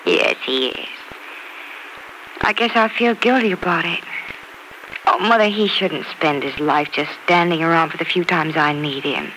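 An anxious young woman pleading and fretting in an old radio play. Clear hiss runs under the old broadcast recording. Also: deep voice, unhurried. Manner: pleading, emotional. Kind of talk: 1940s radio acting.

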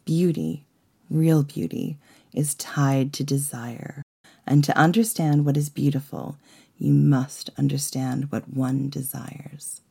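A woman with a gravelly voice, telling a myth in slow, hushed second-person narration. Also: fairly even intonation. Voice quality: gravelly, low voice. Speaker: podcast co-host.

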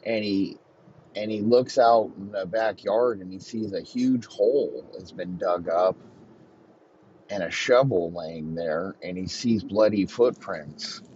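Dude slowly spinning a crude story, lowish voice, muffled lo-fi audio. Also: male voice, slight background noise. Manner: profane, deadpan narration. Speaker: comedy podcast host. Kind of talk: improvised comic storytelling. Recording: muffled lo-fi recording.

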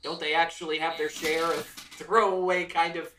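A man's voice: fairly high pitch, flat delivery, normal speed, sharp tone, recorded from a distance. A man chatting casually on a movie podcast, laughing between his points. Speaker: podcast co-host. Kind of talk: casual film discussion. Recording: roomy sound, off-mic.

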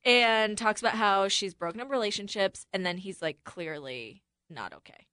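A woman's voice: mid-range voice, normal speed, bright, forceful tone, smooth, no room sound, clean studio sound. A woman co-hosting a podcast, chatting casually about a reality show and acting out what people said. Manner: chatty, quotes people in put-on voices, laughs often. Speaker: podcast co-host.

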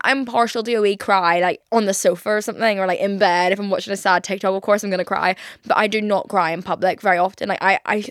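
A woman's voice: mid-range voice, no room sound, studio quality. A young woman hosting a podcast, chatting casually and confessionally, rambling with lots of fillers and casual swearing. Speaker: podcast host.

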